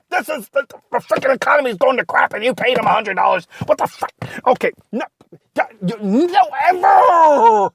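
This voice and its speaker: A blustering, loudmouthed male radio host, played by a performer, swinging wildly in pitch as he rants and shouts. The voice is husky and gravelly, recorded dry and close. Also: lively intonation, moderate pace. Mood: ranting. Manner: ranting, yelling, blustery.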